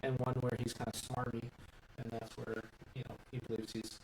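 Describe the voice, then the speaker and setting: A man's voice: mid-range voice, completely flat delivery, normal speed, a little mellow. A man casually talking through a toy set build, thinking aloud and rambling with lots of fillers and restarts, recorded indoors. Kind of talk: casual live build commentary. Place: indoor room. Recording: echoey room, mic at a distance, faint hum.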